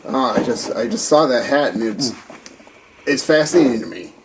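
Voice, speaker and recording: A man's voice: mid-range voice, moderate pace, creaky, noisy background. A man playing a tabletop game, chatting playfully and speaking as his character. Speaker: player.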